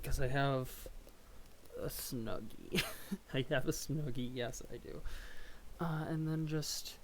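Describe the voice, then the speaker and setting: At home under a blanket, a young adult streamer reads a webcomic live, rambling along in a self-deprecating way. The voice is mid-range, and the background is noisy.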